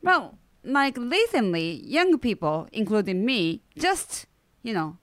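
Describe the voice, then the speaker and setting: A woman with a Japanese accent, co-hosting a casual bilingual podcast, chatty, with frequent soft murmured backchannels. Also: on the high side, sing-song, takes it slowly, no room sound. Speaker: podcast co-host.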